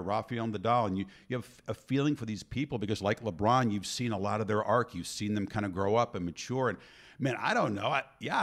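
A man sportscaster talks thoughtfully in a panel discussion. His pitch sits in the middle range.

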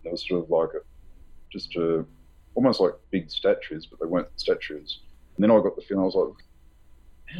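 A man being interviewed about his book, telling a personal story in a halting, rambling way with many fillers and nervous laughs. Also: sits low, fairly even intonation, slightly rough, dull audio. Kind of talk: candid conversational storytelling.

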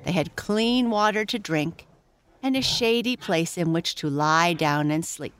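A Canadian woman with a slightly low voice reads a children's story slowly and carefully, adding gentle asides that explain things for young listeners. A faint hiss or hum sits underneath.

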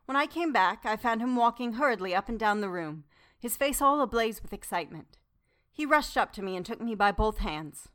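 A woman narrating a classic novel in the first person, with measured, demure reading as the heroine. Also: fairly high pitch, lively intonation, fairly bright tone. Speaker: audiobook narrator.

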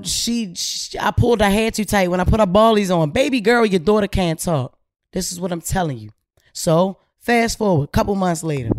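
An animated woman host tells a story in loose, slangy talk, slipping into the voices of the people she quotes. Her pitch sits in a middle range, and the sound is dry and close with no room echo. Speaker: podcast host. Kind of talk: casual storytelling chat.

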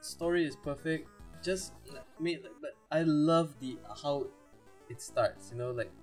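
A man's voice: fairly high pitch, measured pace, soft background music. A man from India co-hosting a podcast, chatting casually about films, laughing often and acting out quotes. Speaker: podcast co-host. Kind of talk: casual film chat.

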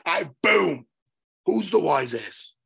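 A man telling a story on a podcast in a casual, animated way, swearing and loudly acting out what people said. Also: a little high, slow pace, vocal fry, husky. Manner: animated, swearing, acts out his own quotes loudly. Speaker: podcast co-host.

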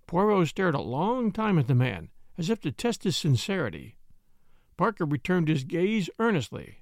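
A man narrating an audiobook mystery in a lively, expressive storytelling manner. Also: a little high, normal speed, creaky, no room sound, studio quality.

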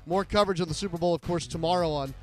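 A man with a slightly raised pitch hosts a sports talk show on the radio. He banters in a relaxed, friendly way, with faint music in the background. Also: racing.

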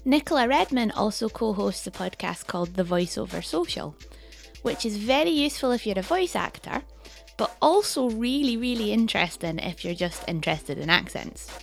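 A woman's voice: medium pitch, animated, normal speed, gravelly, soft background music. A woman hosting a podcast, narrating a script in a wry, reflective way. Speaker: podcast host.

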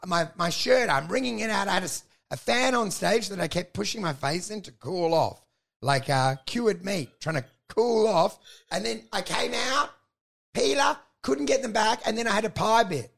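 A man's voice: high voice, expressive, normal speed, gravelly. An Australian man, a comedian and podcast host, telling a rambling story in casual chat, swearing a lot and acting out what people said. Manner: swears a lot, acts out quotes, gets loud and shouty in the story.

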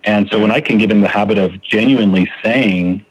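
A man's voice: on the low side, fairly even intonation, moderate pace, breathy edge, no room sound, poor audio. A man sharing his recovery story on a podcast, speaking earnestly and restarting his sentences often as he thinks aloud. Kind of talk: reflective recovery podcast talk.

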